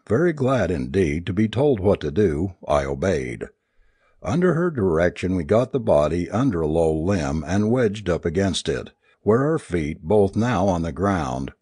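A man narrating a first-person story aloud in a dramatic, expressive reading. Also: low voice, slightly rough, no room sound, studio quality. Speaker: audiobook narrator.

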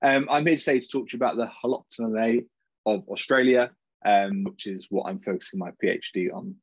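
A man's voice: fairly low pitch, a little fast, slightly rough, no echo. A young British man, a PhD student, gives an informal and jokey academic talk over a video call. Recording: dull, dry video call audio.

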